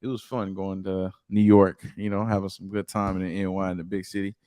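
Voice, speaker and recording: A man's voice: sits low, flat delivery, brisk, warm tone, no echo, clean studio sound. A man with a Southern US accent, co-hosting a podcast in casual chat and telling stories with laughs. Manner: laid-back, laughing storyteller. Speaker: podcast co-host.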